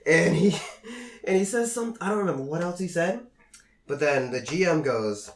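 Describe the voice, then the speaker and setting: A man's voice: fairly high pitch, normal speed. A young man co-hosting a podcast, telling work stories in casual chat and acting out the quotes with a lot of swearing. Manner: animated storyteller, acts out quotes, profane. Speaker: podcast co-host. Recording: echoey room.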